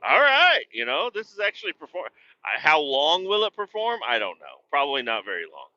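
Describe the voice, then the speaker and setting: A man's voice: on the high side, wildly swooping pitch, a little fast, bright, forceful tone, dry recording, dull audio. A middle-aged man hosting a podcast, rambling casually, swearing a lot and laughing at himself. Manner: profane, self-deprecating, laughs often. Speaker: podcast host.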